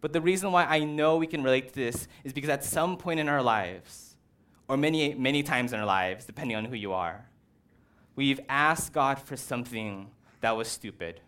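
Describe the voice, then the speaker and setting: Casual, animated male preacher. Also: medium pitch, normal speed, clean tone. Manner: casual, animated, uses "like" and "right". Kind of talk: conversational sermon.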